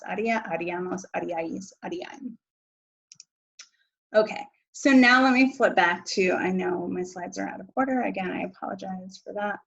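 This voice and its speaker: A woman's voice: mid-range voice, poor audio. A woman teaching a recorded Spanish grammar lesson over slides, casual and chatty, correcting herself as she goes.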